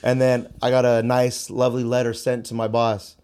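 A man's voice: medium pitch, completely flat delivery, normal speed, darkish tone, smooth. A young man, a martial arts instructor, talking candidly in a casual conversation and telling stories from his teaching and fatherhood. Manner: candid, storytelling, repeats phrases.

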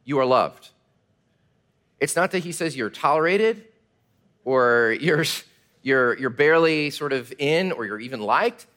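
A male pastor preaching a sermon in an animated way, sometimes dropping to a hush. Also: mid-range voice, unhurried, long pauses. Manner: animated preaching, drops to a hush for quiet moments.

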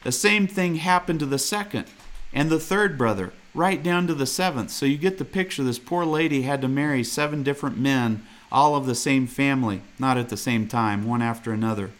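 A man's voice: mid-range voice, fairly quick. A man preaching a sermon in an earnest, direct way, reading scripture aloud and challenging listeners with questions. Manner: reads scripture aloud and comments on it.

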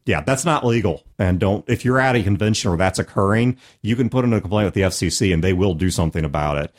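Animated, emphatic male podcast host. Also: deep voice, fast talker. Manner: animated, emphatic, laughs often. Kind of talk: casual chat.

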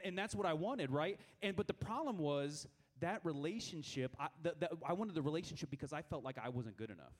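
Guy in his 30s talking to a youth group, goofy self-mocking stories, bit high voice, tripping over words. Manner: animated, self-mocking, lots of stammered restarts. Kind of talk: lively storytelling talk to a youth group.

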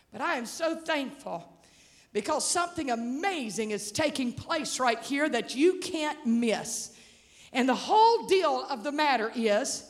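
Woman, preacher, animated sermon, very high voice, long hall reverb. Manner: animated, acts out voices of the story and calls out to the congregation.

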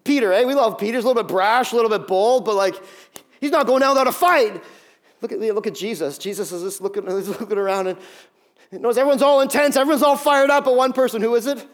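Man, pastor, middle-aged, high-pitched, animated sermon, quick acted-out voices. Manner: acts out scenes with quick put-on voices.

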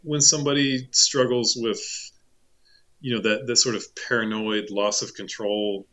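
A man's voice: fairly low pitch, steady tone, normal speed, bright, forceful tone. A man co-hosting a podcast in casual chat, rambling with restarts. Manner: rambling, many restarts, laughs often. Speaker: podcast co-host.

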